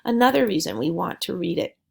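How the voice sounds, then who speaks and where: A woman teaching a writing lesson, speaking slowly and deliberately in an encouraging way. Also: on the low side, expressive, gravelly, darkish tone, husky. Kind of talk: recorded classroom lesson.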